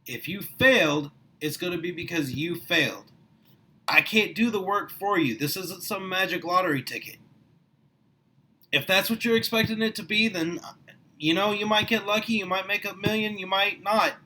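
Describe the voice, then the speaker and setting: Fired-up middle-aged man, high bright voice. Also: moderate pace, low-quality recording. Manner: passionate, gets louder and higher as he gets excited. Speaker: small business owner recruiting for network marketing. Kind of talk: motivational vlog monologue.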